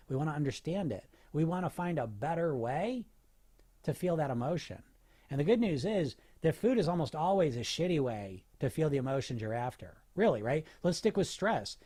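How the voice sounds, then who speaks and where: Animated male weight loss coach. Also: fairly high pitch. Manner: animated, asks rhetorical questions, fillers and restarts. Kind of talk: casual motivational talk.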